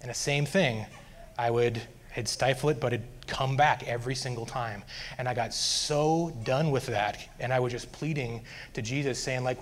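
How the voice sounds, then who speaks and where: A man's voice: mid-range voice, moderate pace. Earnest man telling his faith story. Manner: earnest, animated when retelling frustration. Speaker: guest sharing testimony. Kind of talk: personal faith testimony.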